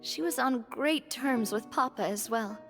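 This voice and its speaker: A woman voicing a young woman who reflects on losing her father and a friend, in a warm storytelling way. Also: fairly high pitch, unhurried, in a large hall, faint music behind. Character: cheerful young woman recalling a lost father.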